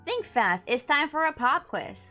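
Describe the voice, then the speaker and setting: A woman's voice: high-pitched, big pitch swings, moderate pace, pushed and bright, faint music behind, pitched above the performer's own voice, heavily acted. A woman doing a bossy dog professor. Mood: brisk. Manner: teacherly, announcing.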